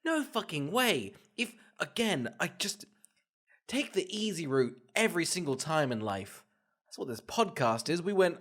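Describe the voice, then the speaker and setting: A man's voice: a little high, very animated, unhurried, a bit bright. A man co-hosting a podcast, chatting casually with ironic jokes and riffs. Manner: joking, ironic, riffing. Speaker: podcast co-host. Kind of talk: casual chat, film review.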